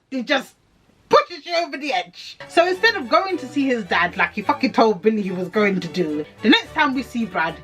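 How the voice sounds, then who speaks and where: A young woman rants through a TV recap with heavy sarcasm and plenty of swearing. Her voice sits high, and soft music plays faintly underneath. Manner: sarcastic, profane, animated. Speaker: TV reviewer. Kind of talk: casual ranting recap.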